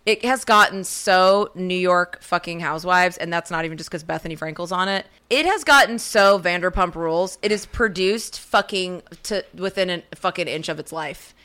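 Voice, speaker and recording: Woman co-host, bright tone, lowish pitch, profane and animated chat. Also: moderate pace, few pauses, smooth. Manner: profane, animated, laughs often. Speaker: podcast co-host. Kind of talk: casual political chat.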